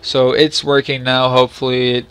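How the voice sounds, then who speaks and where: A man's voice: mid-range voice, level tone, moderate pace, a bit bright, clear, resonant tone. A man hosting a casual, unscripted game review, rambling and apologetic, with lots of fillers and restarts. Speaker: game reviewer, channel host.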